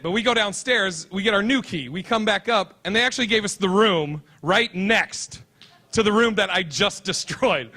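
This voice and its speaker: A male stand-up comedian telling a story on stage in a brash, fast-moving way. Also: sits high, pushed and bright.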